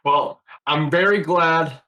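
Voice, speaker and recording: A man's voice: a little high, slow, bright, forceful tone, rough recording. A man co-hosting a wrestling podcast, talking casually with enthusiasm and plenty of swearing. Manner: enthusiastic, profane. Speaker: podcast co-host. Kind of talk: casual chat.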